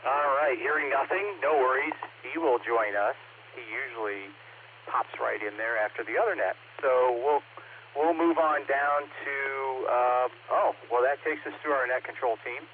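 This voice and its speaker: A man's voice: mid-range voice, normal speed. An easygoing man hosts check-ins on an amateur radio net, chatting between call signs. His voice comes through a thin, narrowband radio channel with faint hiss behind it. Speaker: pre-net control operator.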